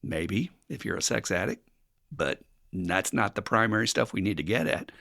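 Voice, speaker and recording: Older guy hosting a recovery podcast, blunt and plainspoken, kinda gravelly, dry room. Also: deep voice, moderate pace, pushed and bright, dry recording. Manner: blunt, plainspoken, swears casually, acts out quoted voices. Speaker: podcast host.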